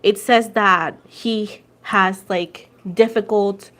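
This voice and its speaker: A woman's voice: medium pitch, fairly even intonation, takes it slowly, a bit bright. A Puerto Rican woman in her twenties, chatting casually on a tarot livestream, switching between English and Spanish and laughing often. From Puerto Rico. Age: 20s. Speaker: tarot reader livestream host.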